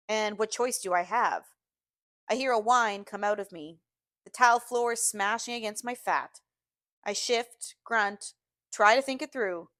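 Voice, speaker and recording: A woman teacher reading a novel aloud to her class, steady and expressive. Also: medium pitch, moderate pace, no room sound, clean studio sound.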